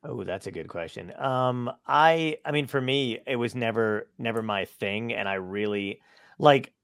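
A man's voice: mid-range voice, measured pace, creaky, clean tone, no echo, studio quality. A man, a stand-up comedian, telling profane stories in casual chat and acting out the people in them. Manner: profane, animated, acts out quoted dialogue.

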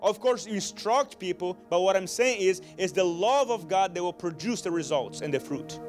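A man with a high voice preaching a sermon in an earnest storytelling manner. He often restarts his phrases and builds up to shouting. Soft music plays faintly behind him. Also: animated, normal speed. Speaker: pastor.

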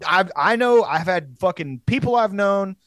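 A man's voice: high-pitched, lively intonation, moderate pace, fairly bright tone, no echo. A young man telling a rambling, profane story in casual podcast chat, laughing as he goes.

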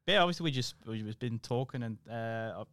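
A man with a South Australian accent, co-hosting a podcast in casual chat with slangy, laid-back banter, recorded close on a podcast mic in a small quiet room. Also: medium pitch, lively intonation, a little fast, clean tone, no echo. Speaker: podcast co-host.

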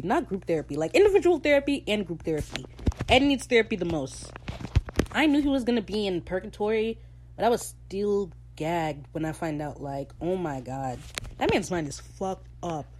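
A woman hosting a podcast, recapping a show in casual, sarcastic, animated rants full of slang. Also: mid-range voice, a little hiss or hum. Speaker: podcast host.

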